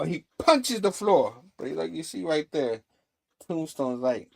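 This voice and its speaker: A man's voice: mid-range voice, a little slow, gravelly, low-quality recording. A man hosting a casual comic book review over a video call, rambling through the story scene by scene. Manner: rambling, retells scenes with "and he's like". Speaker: show host.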